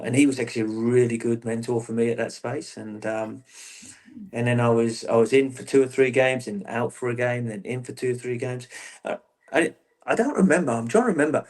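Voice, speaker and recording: Man rambling through football stories. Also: mid-range voice. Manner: rambling, self-interrupting storyteller. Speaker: guest, former footballer. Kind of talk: casual interview chat.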